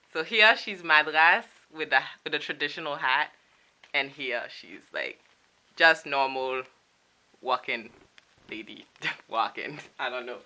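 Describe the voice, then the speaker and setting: A young woman from Saint Martin talks through her souvenir collection in a loose, playful vlog chat with laughing asides. Her voice sits a little low but rings very bright and forceful. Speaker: vlogger showing a souvenir collection. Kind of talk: casual chat.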